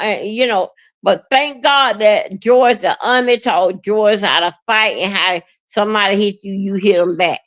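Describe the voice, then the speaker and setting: A woman hosting a livestream, rambling in a halting, repetitive way with many fillers and plenty of emotion. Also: fairly high pitch, fairly bright tone. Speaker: livestream host. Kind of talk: rambling live-stream monologue.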